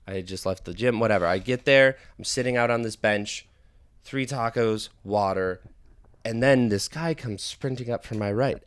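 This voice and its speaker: A man in casual podcast chat, telling stories in a profane, animated way. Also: mid-range voice, normal speed, clean tone. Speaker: podcast co-talker.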